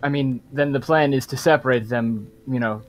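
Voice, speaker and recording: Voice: mid-range voice, moderate pace. A player in a tabletop game, chatting in a wry, easygoing way. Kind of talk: casual tabletop play.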